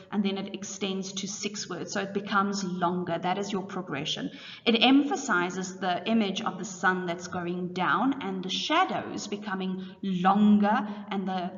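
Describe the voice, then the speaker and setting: A woman teacher, reading exam questions aloud and then calmly explaining the answers. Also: medium pitch. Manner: reads questions in Afrikaans then explains in English. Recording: dull audio with long reverb.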